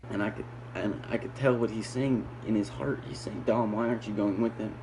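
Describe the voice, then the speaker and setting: A man's voice: lowish voice, fairly quick, vocal fry. Fearful man recounting a nightmare, noisy recording. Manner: fearful, pleading. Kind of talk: recounting a dream.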